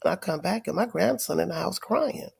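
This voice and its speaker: A middle-aged grandmother livestreaming to her viewers, telling a story in an animated, emphatic way with lots of swearing. She is sick with a cold, wheezing and tired. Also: fairly low pitch, a little fast, creaky, breathy edge, no echo. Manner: profane, emphatic, addresses viewers directly. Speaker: livestream host.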